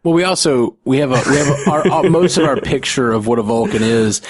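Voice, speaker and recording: Male podcast co-host, mid-pitched, dry close sound, thinks aloud with restarts. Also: a little fast, slightly rough, dry recording. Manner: thoughtful, repeats words while searching. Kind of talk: casual chat.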